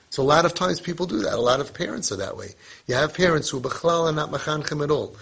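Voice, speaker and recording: A man's voice: fairly high pitch, fairly bright tone, breathy edge. A middle-aged man teaching a casual parenting lesson, mixing Hebrew and Yiddish terms into his conversational talk.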